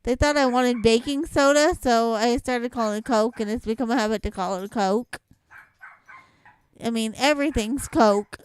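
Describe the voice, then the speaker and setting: A woman's voice: a little high, normal speed, clear, resonant tone, no room sound, low-quality recording. A young woman from Louisiana with a mild Southwest Louisiana accent, chatting and rambling casually as she reads a word list. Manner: chatty, rambling, laughs between words. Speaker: vlogger.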